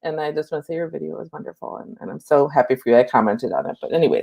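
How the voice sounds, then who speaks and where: A woman in her late forties with a low voice hosts a casual live stream. She chats freely and breaks off to greet viewers by name. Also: big pitch swings, fast talker, gravelly, few pauses, a little mellow, breathy edge. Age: 40s.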